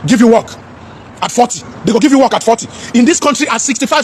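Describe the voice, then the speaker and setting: A man's voice: very high voice, fast talker, slight background noise. A man in an impassioned, preachy monologue, asking rhetorical questions and slipping into pidgin.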